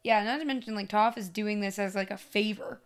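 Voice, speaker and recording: A woman co-hosting a podcast, chatting casually with quick reactions. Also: medium pitch. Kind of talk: casual recap chat.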